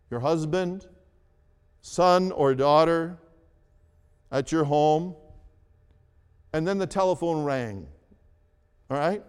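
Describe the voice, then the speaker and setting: A man preaching a sermon as a pastor, in a slow, deliberate style that repeats key phrases and rises for emphasis. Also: high-pitched, darkish tone, smooth. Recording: long reverb of a large hall.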